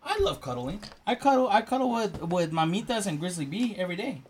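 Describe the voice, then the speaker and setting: A man co-hosting a casual podcast chat, teasing his friend and shooting up to a high excited pitch when he argues. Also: brisk, a little hiss or hum. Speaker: podcast co-host.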